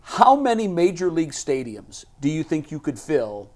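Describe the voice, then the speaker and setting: Guy on a sports show, a bit high voiced, fired up about baseball, keeps tripping over his first words. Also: normal speed. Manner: animated, opinionated, stammers on restarts. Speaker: sports radio co-host. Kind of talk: casual sports talk.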